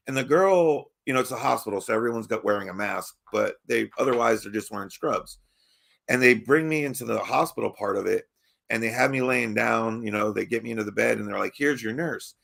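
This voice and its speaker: A man's voice: lowish voice, vocal fry, a bit bright. A man from Baltimore telling a long, rambling story on a podcast, swearing, laughing and restarting sentences often. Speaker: podcast host. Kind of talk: casual storytelling chat.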